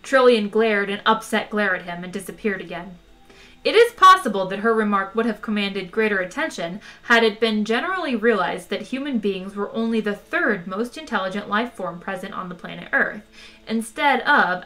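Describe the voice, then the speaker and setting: A woman reads a novel aloud to her listeners in a relaxed, chatty way. Her voice sounds worn out. The tone stays bright and crisp. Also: medium pitch, normal speed. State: tired voice. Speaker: audiobook reader. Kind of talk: casual reading of a novel aloud.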